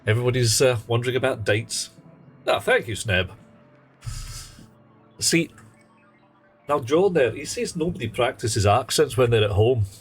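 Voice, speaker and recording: A man's voice: medium pitch, animated, moderate pace, pauses often, husky, soft background music, poor audio. A man giving casual, rambling commentary while streaming a game, wry and full of playful asides. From England. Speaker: livestreamer.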